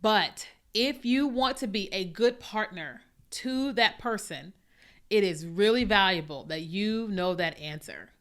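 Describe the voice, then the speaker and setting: A woman's voice: mid-range voice, expressive, a little slow, fairly bright tone. A woman podcast host telling personal stories in a casual, conversational faith talk, with lots of fillers and asides.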